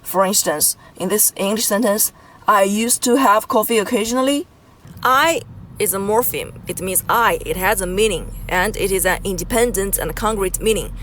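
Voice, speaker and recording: Woman teaching Mandarin slowly. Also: mid-range voice, fairly bright tone, a little hiss or hum, poor audio. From Beijing. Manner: slow, deliberate spelling-out of examples. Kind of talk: explanatory language lesson.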